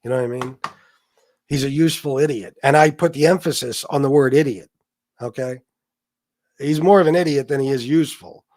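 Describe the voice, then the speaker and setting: A man's voice: medium pitch, brisk, a little mellow, no echo. A man hosting a livestream, ranting casually in a profane, boastful, taunting way. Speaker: livestream host.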